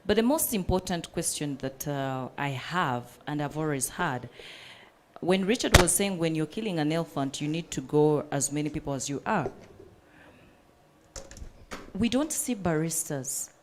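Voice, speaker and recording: A woman panelist pleads her case with conviction, her voice sitting a little low and often broken by fillers. A faint hum of the conference room stays behind her. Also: expressive, normal speed. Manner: earnest, impassioned, with many fillers. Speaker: panelist, coffee business owner. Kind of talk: panel discussion.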